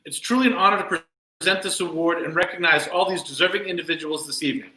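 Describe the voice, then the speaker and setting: A man serving as master of ceremonies, giving earnest, measured formal closing remarks at a virtual event. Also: a little high, sharp tone, reverberant, rough recording. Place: home room, virtual event.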